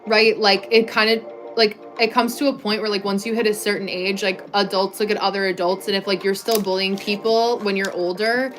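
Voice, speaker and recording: A woman's voice: mid-range voice, flat delivery, fairly quick, few pauses, a bit bright, faint music behind. A young woman from the United States hosting a casual livestream, reading viewer comments and answering them in a chatty way, full of "like" fillers, on a clip-on mic. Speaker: livestream host.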